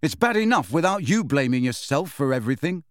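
A man's voice: medium pitch, sing-song, unhurried, no echo, clean studio sound. A man reading aloud, voicing a frustrated teenage boy who speaks testily and bitterly. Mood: testy. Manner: testy, bitter.

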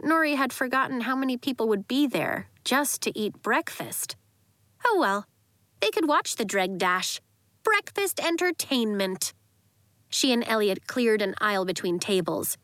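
A woman narrating a children's story in a lively, expressive way. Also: on the high side, unhurried, no echo. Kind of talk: audiobook narration.

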